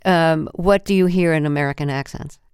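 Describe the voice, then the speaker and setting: Crisp, dry-sounding woman radio host. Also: low-pitched, darkish tone, no echo. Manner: measured, precise questioning. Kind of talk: radio interview.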